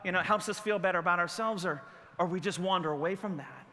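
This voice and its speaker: A middle-aged male pastor preaching a sermon, telling a story with self-mocking humor and bursts of shouting. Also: high voice, quick pace, in a large hall. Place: church sanctuary.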